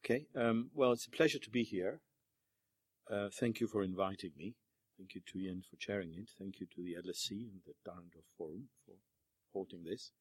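A man's voice: sits low, a little fast, husky, no room sound. Hesitant man giving a presentation. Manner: hesitant, many fillers and restarts. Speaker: panel speaker. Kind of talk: academic presentation.

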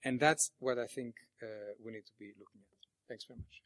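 A man speaks at an academic panel in a measured way and poses rhetorical questions to the room. His voice sits in an ordinary middle range. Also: mid-range voice. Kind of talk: academic presentation.

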